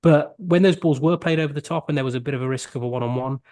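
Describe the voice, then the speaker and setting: A man's voice: on the high side, fast talker, a little mellow, no room sound. Earnest man on a dry mic. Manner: earnest, analytical, many fillers. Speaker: podcast co-host. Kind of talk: casual football podcast chat.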